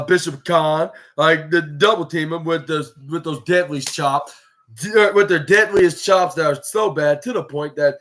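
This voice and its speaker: Man, podcast host, casual wrestling recap, rambling and excitable, higher-pitched voice. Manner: rambling, excitable, many restarts.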